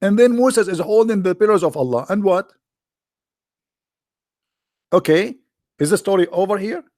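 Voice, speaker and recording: A man from the Arab world with an Arabic accent hosts a casual commentary, mocking and sarcastic, often jumping into voices. His high-sitting voice has lively intonation, a darkish tone, and a moderate pace, recorded dry with clean studio sound.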